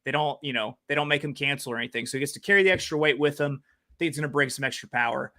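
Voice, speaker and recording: A man co-hosting a casual sports betting podcast, hyped and jokey, getting loud when he reads out names. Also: mid-range voice, steady tone, racing. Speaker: podcast co-host.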